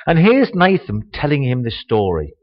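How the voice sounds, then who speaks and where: A man giving a sermon, reading a Bible passage slowly and reflecting on it, growing louder on the quoted lines. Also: huge pitch swings. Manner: slow, reflective, rises in pitch and volume on quoted speech. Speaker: preacher. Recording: dull, long reverb of a church hall.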